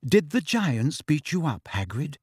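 A man voicing an anxious, clever teenage schoolgirl in an audiobook, speaking gently. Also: on the high side, big pitch swings, measured pace, husky, dry recording, studio quality, full character voice. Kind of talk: audiobook reading.

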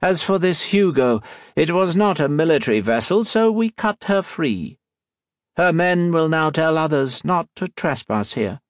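A man's voice: a little high, sing-song, no echo, clean studio sound, pitched above the performer's own voice. A man voicing a stern woman sub captain. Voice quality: slight unfamiliar accent. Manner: formal, measured and authoritative. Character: stern commanding female submarine captain.

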